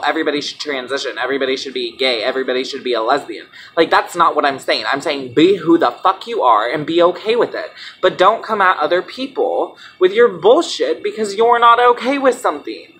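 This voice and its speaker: A woman's voice: on the low side, a bit bright, a little hiss or hum. A young woman vlogging in a candid, defiant rant, blunt and full of swearing, mocking her critics in quoted voices. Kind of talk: candid ranting vlog.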